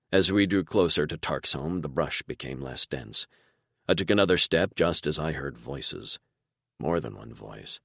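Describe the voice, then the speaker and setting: A man narrating a fantasy romance audiobook in first person, with expressive storytelling. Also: very deep voice, gravelly, dry recording, clean studio sound. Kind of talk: scripted narration.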